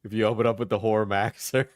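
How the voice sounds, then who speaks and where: A man's voice: fairly low pitch, steady tone, quick pace, no room sound, clean studio sound. A young man streaming clip reactions in casual chat, rambling and laughing often as he trails off mid-sentence.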